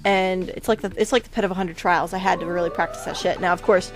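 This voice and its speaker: A woman's voice: fairly low pitch, steady tone, fast talker, hardly any pauses, soft background music. A woman hosting a video game playthrough, talking through it in a chatty, rambling way with many asides. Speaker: let's play host. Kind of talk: casual game commentary.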